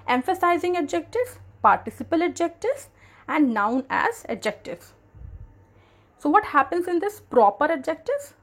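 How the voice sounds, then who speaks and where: A woman teacher walks through a grammar lesson at an unhurried pace. Her fairly high voice rises and falls a great deal as she stresses each term. She repeats herself patiently, as if for beginners. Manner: slow, repeats key terms, explains patiently.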